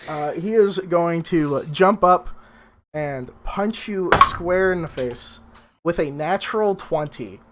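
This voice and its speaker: A man narrating a tabletop game as game master, in a casual, relaxed way. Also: a little high, slow pace, noisy background.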